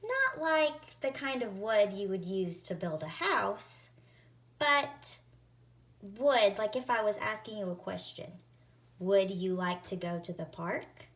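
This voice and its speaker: A woman teaching a phonics lesson to young children, sounding out each letter slowly and clearly. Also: mid-range voice, lively intonation, fairly bright tone.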